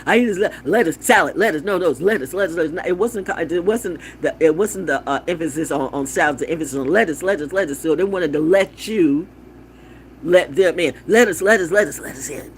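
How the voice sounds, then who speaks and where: Animated, profane woman vlogging. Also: sits low, a little hiss or hum. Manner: blunt, profane and wandering; repeats words playfully. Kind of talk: casual rambling monologue.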